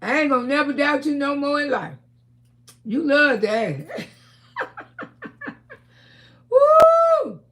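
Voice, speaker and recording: A woman hosting a casual livestream, talking loudly with frequent laughter and cursing while telling stories to her viewers. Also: sits high, moderate pace, long pauses. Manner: loud, laughing, storytelling with lots of cursing. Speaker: livestream host.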